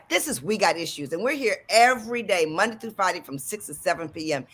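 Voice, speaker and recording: Bubbly, bright-voiced woman radio host. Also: mid-range voice. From Washington DC area. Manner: bubbly, enthusiastic, repeats herself. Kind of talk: radio talk show.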